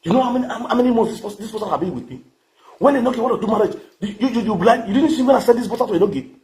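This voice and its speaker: Talking at breakneck speed into the camera, a man with a Nigerian accent vlogs in a boastful, crude, mocking rant full of repeated phrases. He has a high, darkish voice and lively intonation.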